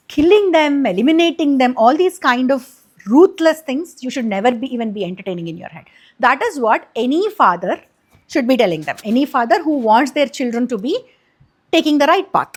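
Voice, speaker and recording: A woman's voice: high-pitched, very animated, normal speed. A woman casually retelling an epic for kids, chatty and explanatory, with many fillers and restarts. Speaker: storyteller, channel host.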